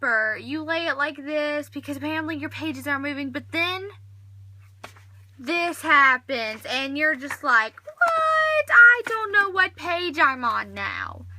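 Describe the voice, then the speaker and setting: Teen girl vlogger, high bright voice, theatrical exasperation, dry close sound. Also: no room sound. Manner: dramatic, exasperated, acts out little scenes. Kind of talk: comedic vlog monologue.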